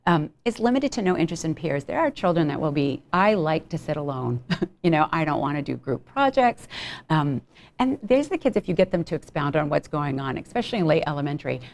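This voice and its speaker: A woman giving a clinical lecture on child behavioral health in a relaxed, conversational way, with frequent ums and brief acted-out examples. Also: low-pitched.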